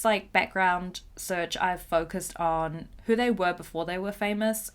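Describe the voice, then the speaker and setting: A young woman hosting a podcast, chatting casually and animatedly, with many "like"s and the odd swear word. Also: fairly low pitch. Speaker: podcast host.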